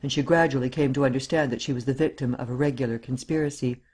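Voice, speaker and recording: Male narrator, measured audiobook storytelling, mid-pitched voice. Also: steady tone, a little mellow, husky. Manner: measured storytelling, acting out the dialogue.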